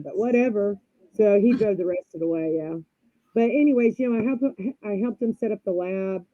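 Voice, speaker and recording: A woman's voice: medium pitch, fairly quick, no room sound. Woman rambling through a story on a live podcast, dry muffled sound, puts on voices for the quotes. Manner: rambling, animated, acts out quotes. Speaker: podcast guest. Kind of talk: casual storytelling.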